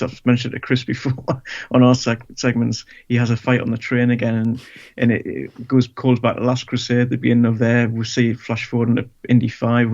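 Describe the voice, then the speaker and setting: Hesitant male guest with a gravelly, monotone voice. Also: mid-range voice, highs cut off. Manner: hesitant, many fillers. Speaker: podcast guest. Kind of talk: casual chat.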